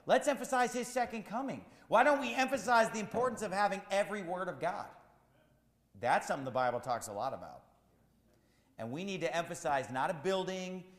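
A man preaching a sermon as pastor, repeating his points with rising, shouted emphasis. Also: a little high, echoey room, big-room sound.

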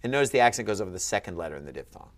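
Male teacher, low register, encouraging one-on-one quizzing. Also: big pitch swings, rapid-fire. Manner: patient, quizzing, upbeat. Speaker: Ancient Greek teacher. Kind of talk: one-on-one lesson.

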